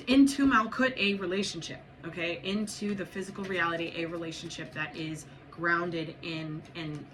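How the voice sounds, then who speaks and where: A woman giving a spiritual tarot reading to viewers, blunt and profane, urging and repeating herself. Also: lowish voice. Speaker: tarot reader. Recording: noisy background.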